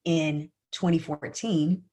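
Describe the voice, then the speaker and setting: A woman guest on a podcast, telling a personal story in an earnest, animated way and often addressing the host by name. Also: low-pitched, slow. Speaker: podcast guest, sales coach.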